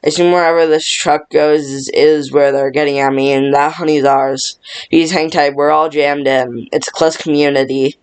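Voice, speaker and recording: A man reading a film script aloud by himself, rushing and stumbling through every part. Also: a little high, level tone, smooth. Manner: rushed, stumbling reading with little change between parts. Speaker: script reader.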